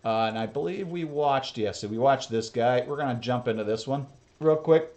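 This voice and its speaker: A man's voice: mid-range voice, normal speed, a little mellow, roomy sound, highs cut off. Blunt, profane man reacting to videos. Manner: blunt, profane, chatty asides. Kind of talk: casual reaction commentary.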